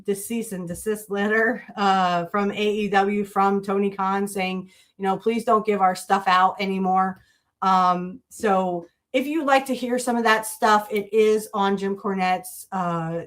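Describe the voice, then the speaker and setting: A woman hosting a podcast, talking casually and rambling with fillers and quick self-corrections. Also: medium pitch, fairly bright tone. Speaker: podcast host.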